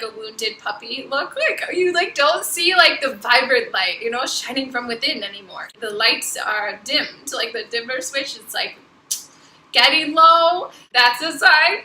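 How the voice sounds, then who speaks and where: A woman's voice: sits high, pushed and bright, echoey room, slight background noise, poor audio. A woman talking casually as a psychic giving spiritual advice, full of "like" and acted-out quotes. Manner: chatty, full of "like", acts out quoted voices. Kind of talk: casual talk to camera.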